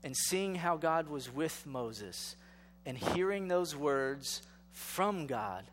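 Guy preaching a sermon, kinda high voice, talks right to the folks, big echoey hall with a faint hum. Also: lively intonation, takes it slowly, fairly bright tone. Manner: conversational preaching, rhetorical questions, builds to emphatic exhortation. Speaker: pastor.

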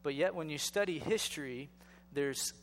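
Male pastor, sermon, conversational, rhetorical questions, emphatic build-ups, slightly high voice, long hall reverb. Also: moderate pace, a bit bright, slight background noise.

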